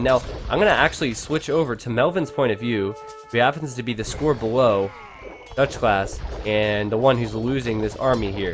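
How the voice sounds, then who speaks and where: A man giving casual, excitable commentary on a strategy game match, chatting to his viewers. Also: medium pitch. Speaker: game caster.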